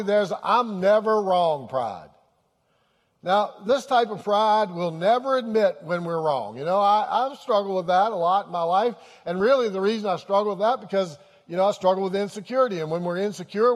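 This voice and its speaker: Male pastor, higher register, earnest and repetitive delivery, reverberant hall. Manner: earnest, repeats phrases for emphasis. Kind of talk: sermon.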